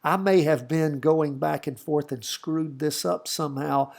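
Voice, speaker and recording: Middle-aged southern guy chatting thru his trades, kinda high voice, folksy and rambling. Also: measured pace, creaky, darkish tone. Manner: folksy, chatty, thinks aloud with fillers. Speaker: trading channel host. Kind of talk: casual market commentary over charts.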